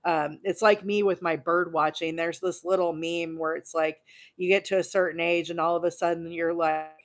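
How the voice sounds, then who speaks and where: A woman in her forties from Alabama, hosting a casual crochet livestream and chatting with her viewers in a bubbly, excitable way. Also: lowish voice, moderate pace. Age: 40s. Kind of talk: casual live crochet demo chat.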